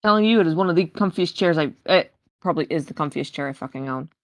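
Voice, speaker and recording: A woman's voice: deep voice, quick pace, no room sound. A woman chatting casually on a live game stream, rambling with lots of fillers and casual swearing. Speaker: tabletop game player.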